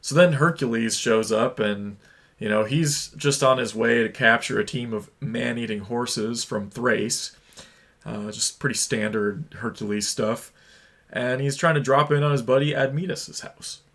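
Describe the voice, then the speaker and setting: A man's voice: mid-range voice, normal speed, a bit bright. A young adult man casually retelling and reviewing a play, chatty, informal and opinionated. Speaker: book reviewer.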